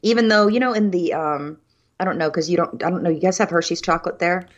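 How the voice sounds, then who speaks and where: A woman's voice: on the low side, fast talker, dull audio. A woman co-hosting a casual podcast, easygoing, with many ums and frequent laughs. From USA. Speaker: podcast co-host. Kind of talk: casual chat over cocktails. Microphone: remote virtual studio setup.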